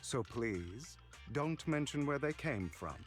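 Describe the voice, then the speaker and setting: A man reading game dialogue aloud as a smooth, flattering young male information broker with a theatrical, courteous manner. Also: mid-range voice, takes it slowly, faint music behind. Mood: charming.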